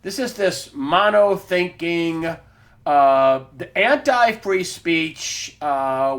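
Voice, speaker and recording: A male host delivers a weekly news commentary in a combative, emphatic way and talks straight to his audience. His voice sits a little high for a man. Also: expressive, extremely slow, a bit bright. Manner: emphatic, combative, addresses listeners as folks. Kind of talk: opinionated political news commentary.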